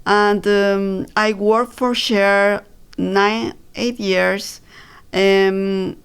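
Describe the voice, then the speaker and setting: A woman, telling her personal story as an interview guest, halting with many fillers and restarts. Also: mid-range voice, level tone, clean tone. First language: Spanish.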